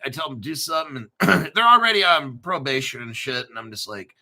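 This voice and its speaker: A man's voice: medium pitch, lively intonation, a little fast, sharp tone. A middle-aged man hosting a livestream, chatting casually and rambling with profanity and frequent laughter. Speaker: livestream host.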